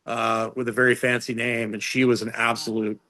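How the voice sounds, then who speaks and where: A middle-aged man, a strength and conditioning coach, talking as an interview guest in a casual, rambling storytelling way. He uses lots of fillers and restarts, and he pitches his voice up to act out what other people said. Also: brisk. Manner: animated storyteller, jumps into higher voices for quotes.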